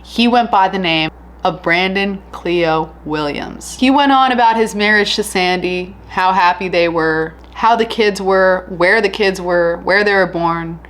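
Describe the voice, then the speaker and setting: A woman casually narrating a true crime case, chatty and candid with an animated retelling. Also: lowish voice, unhurried.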